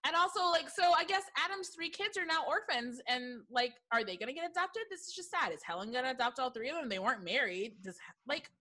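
A woman talks through a movie she disliked with a co-host, bright and fairly high in tone. She is animated and laughs often. She acts out lines from the films as she goes. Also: fast talker, few pauses. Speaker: podcast co-host. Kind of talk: casual movie review chat.

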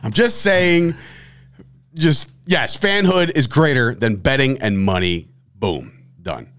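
A young man, hosting a sports chat and ranting loudly and mockingly about fandom. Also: mid-range voice, expressive, slow. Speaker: sports podcast host. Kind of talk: heated casual sports chat.

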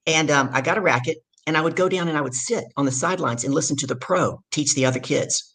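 A woman from the Deep South, a guest on a podcast, telling her story in a loud, energetic way. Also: quick pace, slightly rough. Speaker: guest, leadership coach.

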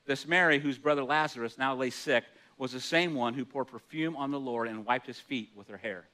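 A man's voice: medium pitch, a little fast, pushed and bright. Chatty, laughing male pastor. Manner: chatty, self-deprecating, laughs often, stammers and restarts. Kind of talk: sermon. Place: church hall.

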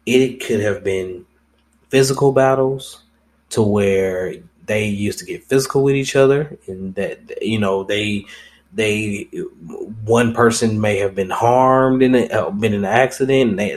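A man's voice: on the low side, moderate pace. A young man hosting his own podcast, talking alone in a casual, rambling way, blunt and full of swearing. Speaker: podcast host. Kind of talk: casual solo podcast commentary.

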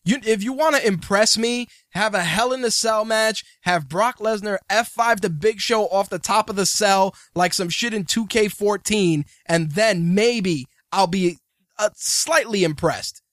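A man's voice: high-pitched, unhurried, a bit bright, no echo, studio quality. A man hosting a podcast, ranting in profane casual banter. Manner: ranting, swearing, mocking. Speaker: podcast host.

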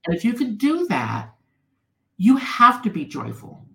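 Woman guest, gravelly texture, echoey room, earnest storyteller. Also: medium pitch, huge pitch swings, measured pace. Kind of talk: personal storytelling in an interview.

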